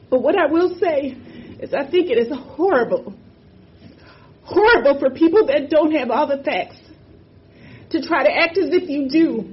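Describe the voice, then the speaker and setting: A woman on a university board giving an impassioned, emphatic statement at a public meeting, repeating phrases for force. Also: high-pitched. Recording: muffled lo-fi audio with faint background noise.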